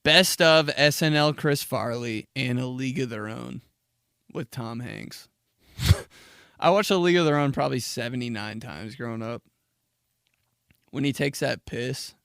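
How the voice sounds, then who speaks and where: A man's voice: mid-range voice, a little slow, vocal fry, long pauses, a bit bright, clean tone, no room sound, studio quality. A young man hosting a solo comedy podcast, rambling and swearing, laughing at himself and acting out dramatic reactions. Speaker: podcast host.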